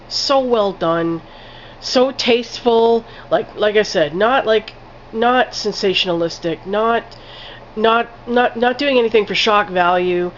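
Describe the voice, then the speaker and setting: A woman talking through a film review in a loose, rambling way, dropping "like" every few words and swearing casually. Her voice sits at a middling pitch. The recording is dull and lo-fi, with a faint hiss underneath.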